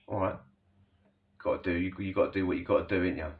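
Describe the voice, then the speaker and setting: Low-voiced man telling a rambling story. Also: steady tone, quick pace. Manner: rambling, slangy, full of "you know" asides. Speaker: storyteller recounting prison life. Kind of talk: casual spoken storytelling. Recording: distant, dull lo-fi recording.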